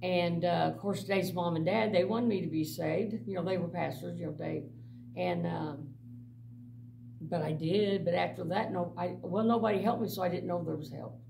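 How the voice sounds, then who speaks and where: Gravelly middle-aged woman telling stories. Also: fairly low pitch, normal speed. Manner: animated storytelling, laughing often, blunt. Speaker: mission director. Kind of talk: personal testimony to a church group. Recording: distant mic with faint background noise.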